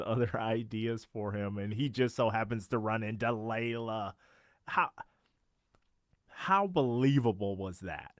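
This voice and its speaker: A man's voice: fairly low pitch, dry recording, studio quality. A man co-hosting a podcast, recapping a TV episode in casual chat and laughing often. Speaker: podcast co-host.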